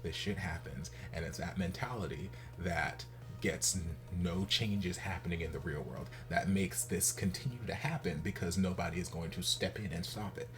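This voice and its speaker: A man hosting a reaction video in casual commentary, animated and exasperated, jumping from loud outbursts to low muttering. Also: normal speed, faint music behind.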